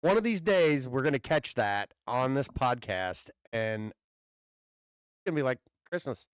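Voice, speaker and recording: A man co-hosting a casual podcast, telling animated stories and teasing his friend with frequent laughs. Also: mid-range voice, slow pace, clear, resonant tone, no echo, clean studio sound. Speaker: podcast co-host. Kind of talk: casual chat. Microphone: new podcast microphone.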